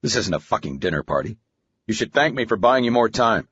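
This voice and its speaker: A man's voice: on the low side, expressive, brisk, a bit bright, breathy edge. A man voicing a crude, ruthless middle-aged bank executive who talks in a blunt, profane, curt way, in an audiobook. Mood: hard-nosed. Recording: dry, slightly dull studio audio.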